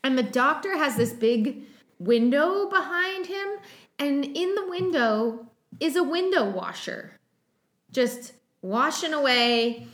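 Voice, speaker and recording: A woman co-hosting a podcast about an old TV episode. She rambles in a relaxed, chatty way and often trails off into likes and ums. Her voice sits a little high. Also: takes it slowly. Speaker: podcast co-host. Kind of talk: casual chat about a TV episode.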